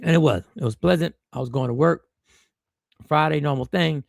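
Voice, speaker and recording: A man's voice: fairly high pitch, normal speed, creaky, dry recording, clean studio sound. A man, a stand-up comedian, telling a personal story to viewers in a loose, rambling way with slang and restarts. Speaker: stand-up comedian and stream host.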